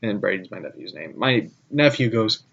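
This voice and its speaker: A man's voice: on the low side, expressive, moderate pace, vocal fry, fairly bright tone, husky, lo-fi sound. A man hosting a casual show, telling a story and laughing at himself as he goes. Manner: laughs through his stories, chatty. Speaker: host. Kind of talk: casual storytelling and reading aloud.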